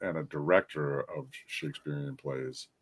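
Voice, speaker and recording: A man hosting a podcast, joking and expressive in casual conversation. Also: very deep voice, normal speed, slightly rough, no room sound. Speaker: podcast host.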